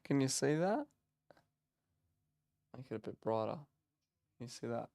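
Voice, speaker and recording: A man hosting a casual live watch-along, chatting and rambling with bursts of excitement as he reacts to the match from his office. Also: mid-range voice, a little slow, creaky, no echo, studio quality.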